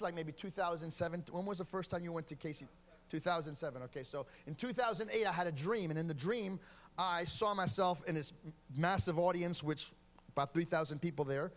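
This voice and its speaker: A man with a slightly high voice preaches a sermon. He tells a personal story and then builds into loud, fervent exhortation.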